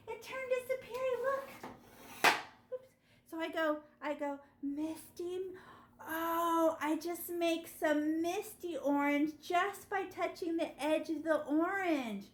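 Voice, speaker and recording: High-voiced, animated woman art teacher. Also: takes it slowly, reverberant. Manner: animated, gasping with delight, coaxing young kids. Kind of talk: step-by-step painting lesson for children. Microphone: video call.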